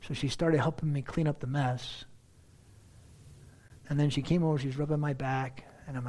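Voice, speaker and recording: A man reading scripture aloud expressively, then speaking softly and personally as a preacher. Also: fairly high pitch, normal speed, pauses often. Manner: expressive reading, then soft confessional talk.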